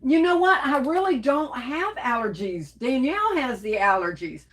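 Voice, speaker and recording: Woman, crafting livestream host; warm pet names for viewers, sneezing between comments. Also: sits high, very animated, moderate pace. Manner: affectionate, calls viewers baby and darling. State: sneezing and coughing. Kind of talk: casual livestream chat reading comments.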